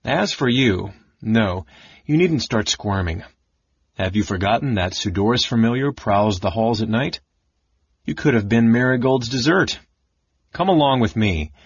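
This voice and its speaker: A man's voice: fairly low pitch, lively intonation, moderate pace, slightly rough, dry recording, lo-fi sound. A man doing a stern scolding mage. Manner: clipped, scolding. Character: stern red-robed mage, condescending.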